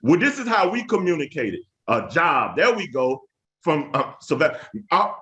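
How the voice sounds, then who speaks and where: Man, thirties, emphatic storyteller, fairly high voice, webinar speaker. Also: very animated, normal speed, fairly bright tone. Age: 30s. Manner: preacher-like, emphatic, repeats phrases, calls on the audience. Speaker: education speaker.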